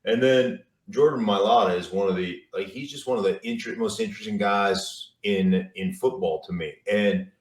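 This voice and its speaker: Low-voiced man telling football stories. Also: normal speed, hardly any pauses. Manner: rambling, repeats words, lots of fillers. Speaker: TV football analyst, guest. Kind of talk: casual storytelling interview. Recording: roomy, distant mic.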